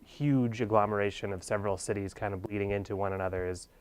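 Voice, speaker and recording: Low-voiced male interviewer, musing questions. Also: steady tone, fast, smooth. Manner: thoughtful, musing questions with hesitations. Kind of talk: conference video interview.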